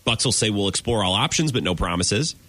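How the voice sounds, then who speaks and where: A man co-hosting a sports talk radio show, laying out his analysis quickly and acting out quotes as he goes. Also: fairly low pitch, animated, fairly bright tone, dry recording. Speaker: radio co-host.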